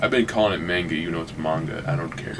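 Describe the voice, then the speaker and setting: Deep-voiced man reading manga aloud. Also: very fast, a crowd in the background. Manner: acts out characters' lines in a raised voice. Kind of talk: casual chat.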